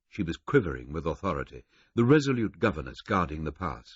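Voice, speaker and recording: A man reading a novel aloud in the first person, telling the story in a lively, varied way. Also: very deep voice, fairly quick, slightly rough, dry recording, muffled recording. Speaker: audiobook reader.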